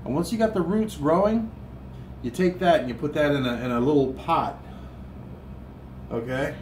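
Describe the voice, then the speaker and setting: A man's voice: a little high, normal speed. A man with a Southern US accent chatting casually as he cooks, rambling with many restarts and fillers. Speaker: cooking vlogger. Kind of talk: casual chat while cooking. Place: hotel room. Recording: roomy, distant mic, faint room hum.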